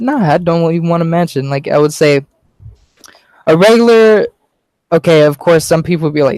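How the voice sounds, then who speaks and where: A man's voice: a little high, fairly even intonation, brisk, a little mellow, no room sound, low-quality recording. A young man chatting casually as a small YouTuber, rambling with lots of fillers and an easygoing manner. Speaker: youtuber being interviewed. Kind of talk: casual chat.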